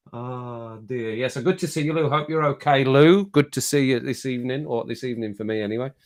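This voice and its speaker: Man, middle-aged, live-stream host, teasing, chatty, laughs often, average pitch. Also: moderate pace. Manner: jokey and teasing, laughs often, repeats phrases. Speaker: livestream host reading chat. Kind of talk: casual live-stream chat.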